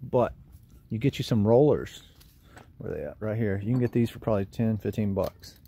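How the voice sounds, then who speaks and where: Gravelly Southern man showing his trailer. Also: lowish voice, expressive, moderate pace, warm tone. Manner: rambling, folksy, self-deprecating. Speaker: lawn care business owner. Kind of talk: casual DIY how-to vlog. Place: outdoors by a trailer.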